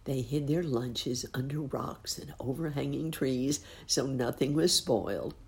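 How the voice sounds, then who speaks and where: Woman storyteller, very low, slow, lively read-aloud. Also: creaky. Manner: gentle, expressive.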